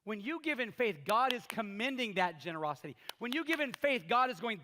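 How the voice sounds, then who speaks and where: A pastor in his fifties preaches a sermon in a large church hall, animatedly telling stories and acting out the voices of the people in them. His voice is very high-pitched and fairly quick. The live recording has long reverb and background noise.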